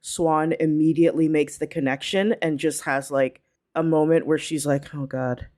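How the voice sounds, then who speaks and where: Laughing, lower-voiced podcast woman. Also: steady tone, moderate pace, darkish tone. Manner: laughs often, restarts sentences. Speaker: podcast co-host. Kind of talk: casual chat.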